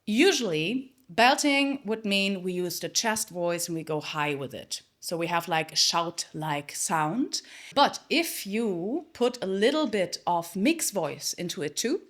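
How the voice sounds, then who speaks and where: A woman vocal coach teaching a singing lesson. She explains in plain terms and then belts short phrases loud and high. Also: expressive, unhurried. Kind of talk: singing lesson with sung demonstrations.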